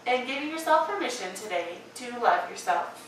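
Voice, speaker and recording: Gentle yoga instructor woman, echoey room. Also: on the high side, sing-song, a little hiss or hum. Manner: gentle, encouraging, drawn-out cues; playful and chatty asides. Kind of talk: guided yoga class talk. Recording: echoey room, distant mic, music behind.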